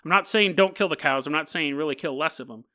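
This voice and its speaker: A man's voice: on the high side, quick pace, pushed and bright. A man hosting a podcast, rambling casually through a story with jokes and frequent laughter. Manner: rambling, jokey, laughs often mid-sentence. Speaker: podcast host. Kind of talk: casual solo podcast monologue.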